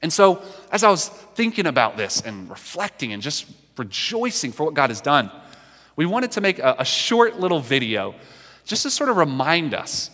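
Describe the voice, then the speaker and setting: A man preaching to his congregation as pastor, earnest and animated. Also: fairly high pitch, normal speed. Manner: animated, earnest church address. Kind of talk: sermon. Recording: long hall reverb.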